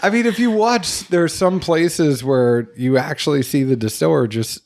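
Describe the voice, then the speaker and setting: A man's voice: on the high side, moderate pace, a little mellow. A man hosting a podcast, chatting casually and asking curious questions with a joking tone. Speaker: podcast host.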